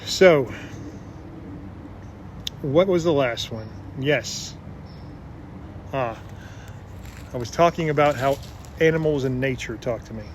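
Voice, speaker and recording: A man's voice: mid-range voice, slow pace, pauses often, a little hiss or hum. A man giving an earnest, casual religious talk, retelling Bible stories with frequent restarts. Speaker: religious speaker.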